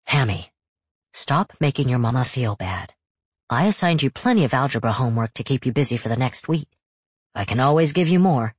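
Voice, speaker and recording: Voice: medium pitch, animated, brisk, husky, dry recording. A narrator voicing a strict father who scolds his daughter, firm and lecturing. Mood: stern. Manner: stern, scolding. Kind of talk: audiobook character voice.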